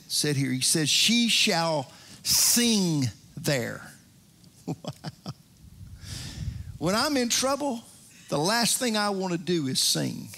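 A man's voice: fairly high pitch, fairly bright tone. An older man preaching a sermon as pastor, with rising emphasis and frequent restarts.

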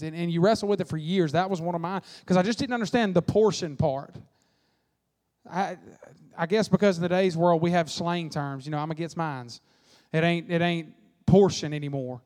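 A man preaches to his congregation in a folksy, animated way. His voice sits a little high for a man. It rings with the long reverb of a church sanctuary. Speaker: pastor. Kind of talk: sermon.

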